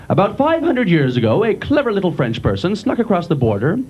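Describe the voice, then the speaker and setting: A man doing a stand-up comedy set on a club stage, lively and quick to slip into silly accents. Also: high voice. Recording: dull lo-fi live club recording. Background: audience laughter and room noise.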